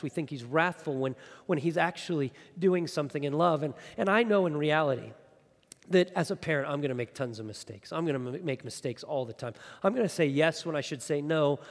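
A man in his thirties preaching a sermon in an earnest way, often repeating a word as he starts a phrase. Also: on the high side. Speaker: pastor. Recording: long hall reverb.

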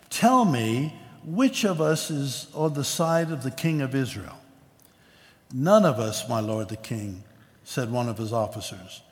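Male pastor, mid-pitched, preaching and reading scripture, long hall reverb. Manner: reads scripture aloud, then explains it conversationally with asides. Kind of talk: sermon. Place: church sanctuary.

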